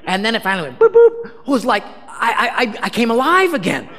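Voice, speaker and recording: High-voiced pastor preaching in a reverberant hall. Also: male voice, fast. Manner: animated, self-mocking storyteller acting out dialogue. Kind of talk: storytelling sermon.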